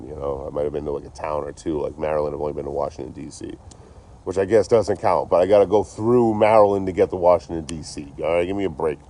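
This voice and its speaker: Behind a store outdoors, a Boston-area man livestreams in a very deep, mellow voice at a quick pace. He's a traveling streamer who rambles casually and curses freely, with faint passing traffic behind him.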